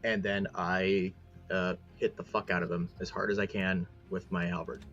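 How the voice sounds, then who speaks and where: A man's voice: deep voice, little pitch movement, normal speed, a bit bright, muffled recording, faint music behind. A man playing in a tabletop game, blunt and swearing. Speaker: player. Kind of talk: casual tabletop play.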